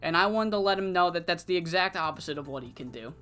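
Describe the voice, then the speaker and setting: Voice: mid-range voice, lively intonation, fast talker, pushed and bright, clear, resonant tone. A streamer voicing a brash young male wrestler cutting a profane, threatening promo against a rival, over faint background music. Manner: profane, menacing trash talk.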